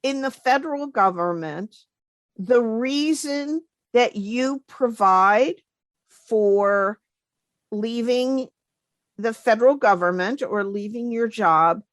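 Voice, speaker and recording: A woman co-hosting a career podcast, explaining things in a measured, deliberate way. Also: fairly high pitch, no room sound. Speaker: podcast co-host, federal careers advisor. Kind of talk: casual chat.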